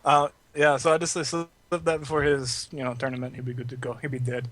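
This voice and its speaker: A man's voice: medium pitch, little pitch movement, a little fast, a bit bright, no echo. A man playing a tabletop role-playing game, talking casually, swearing freely and slipping into quoted lines for his character. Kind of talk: casual improvised role-play.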